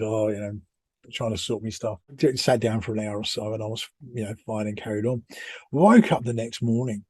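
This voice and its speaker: A middle-aged British man telling a personal story on a podcast. His voice is mellow and a little husky, recorded close and dry. He rambles, restarts and pokes fun at himself. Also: on the low side, no room sound. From United Kingdom. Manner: rambling, self-deprecating, many restarts. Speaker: podcast co-host. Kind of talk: casual storytelling.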